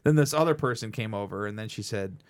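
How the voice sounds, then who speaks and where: A man co-hosting a podcast, telling animated stories in casual chat and swearing freely. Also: on the low side, fast. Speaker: podcast co-host.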